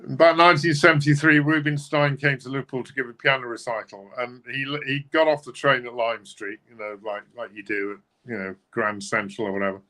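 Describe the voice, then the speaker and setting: A man co-hosting a music livestream tells a long anecdote in a chatty, rambling way full of fillers. His voice is bright and forceful. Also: mid-range voice, little pitch movement, a little fast, few pauses. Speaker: livestream co-host. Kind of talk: casual anecdote telling.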